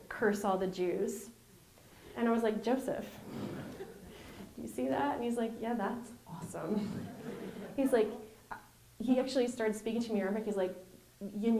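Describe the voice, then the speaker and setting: A middle-aged woman in an interview, telling her stories in an animated way and acting out the voices she quotes. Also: on the high side. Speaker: former intelligence officer, guest. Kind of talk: interview storytelling. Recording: roomy reverb.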